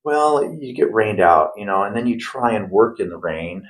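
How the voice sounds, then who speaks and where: In a casual interview, a middle-aged former plumber turned investor talks in a lowish, expressive voice at normal speed. He rambles, packing his speech with fillers and restarts, and the audio quality is poor.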